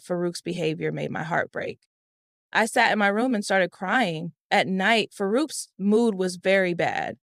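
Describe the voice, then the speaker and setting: A woman's voice: lowish voice, fairly bright tone, no room sound, clean studio sound. A woman reading a dramatic first-person story with an emotional storytelling manner. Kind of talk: first-person scripted narration.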